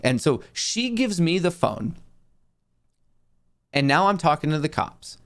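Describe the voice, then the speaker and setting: A young man hosts his own show and tells a story casually. His voice sits a little high and swings widely in pitch. He acts out each person in the story as he goes. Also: very animated, measured pace, fairly bright tone. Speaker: show host.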